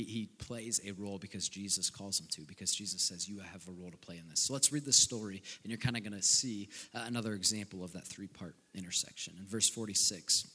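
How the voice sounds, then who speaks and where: A man's voice: fairly low pitch, a bit bright, breathy edge. A man teaching on a scripture passage in an earnest preaching style, reading verses aloud with emphasis. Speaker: pastor. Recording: long reverb.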